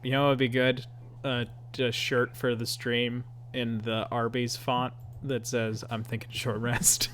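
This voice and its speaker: Laughing game master, faint hiss. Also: male voice, medium pitch, little pitch movement, measured pace, fairly bright tone. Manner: jokey, laughs often while narrating. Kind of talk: narrating a tabletop game.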